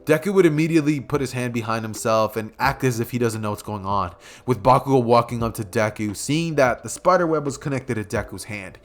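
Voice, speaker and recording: A man's voice: mid-range voice, a little fast, hardly any pauses. A man casually narrating a fan story, rambling and correcting himself as he goes.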